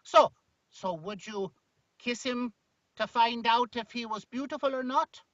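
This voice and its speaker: A man's voice: very high voice, fairly bright tone, no echo, highs cut off. A man hosting a podcast, rambling playfully through an improvised comic chat. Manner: playful, rambling, quick to joke. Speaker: podcast host.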